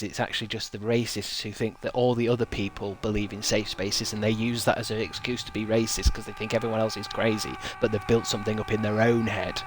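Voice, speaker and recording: A man's voice: on the low side, slight background noise. An English man chatting casually on a stream, rambling and joking while he reads out viewer messages. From England. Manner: rambling and jokey.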